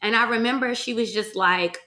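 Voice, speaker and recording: A woman's voice: on the high side, brisk, sharp tone. A young woman from Virginia hosting her own podcast, chatting to listeners in a casual, swearing, y'all-heavy storytelling way. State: emotional, holding back tears at times. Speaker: podcast host.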